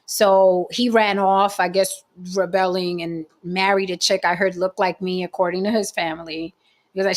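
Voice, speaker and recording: A woman's voice: fairly low pitch, fairly even intonation, moderate pace. A woman in her forties telling a candid, profane story from her past in a casual group chat. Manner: blunt and profane, laughing as she tells it.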